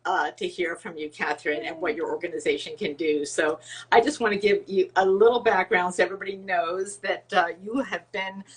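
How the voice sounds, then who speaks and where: A woman's voice: on the low side, fairly quick. Bubbly woman hosting a live webinar. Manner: bubbly, greets viewers by name. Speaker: webinar host. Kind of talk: casual live-stream welcome and interview.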